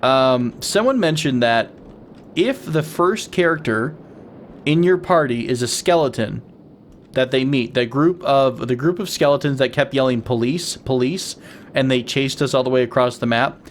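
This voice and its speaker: A young man at home talks casually over his game, playful and quick to break into wheezing giggles. His voice sits at a medium pitch, recorded on a desk mic with a faint hiss behind it. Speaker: gaming channel host.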